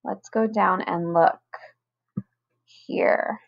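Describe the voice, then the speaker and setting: Slow, patient first grade teacher woman. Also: medium pitch, gravelly, a bit bright, highs cut off. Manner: slow, patient, over-enunciated teacher talk. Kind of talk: recorded online lesson for children.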